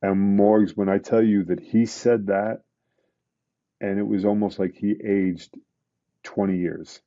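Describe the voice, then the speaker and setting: A middle-aged man speaks low and mellow, working through a painful memory in a casual interview. He stumbles, restarts and leans on fillers as he goes. The podcast audio is dull and close, with no room sound. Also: steady tone, no room sound. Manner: emotional, halting retelling with many restarts and fillers. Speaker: podcast guest, retired police detective.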